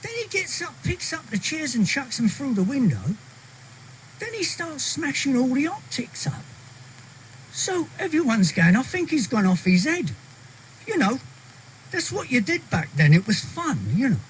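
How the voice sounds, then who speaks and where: A man's voice: extremely high pitch, normal speed, a little hiss or hum, poor audio. Chatty English man telling a story. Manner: chatty, animated, acts out quoted voices. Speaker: storyteller guest. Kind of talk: casual anecdote telling. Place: radio studio. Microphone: studio mic.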